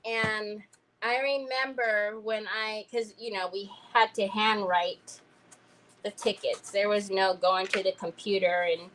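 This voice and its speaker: A woman's voice: medium pitch, steady tone, slow pace, fairly bright tone, slight background noise, rough recording. A woman, chatting casually and rambling through a story while she crafts on a livestream. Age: 50s. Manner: chatty, rambling, addresses viewers as y'all.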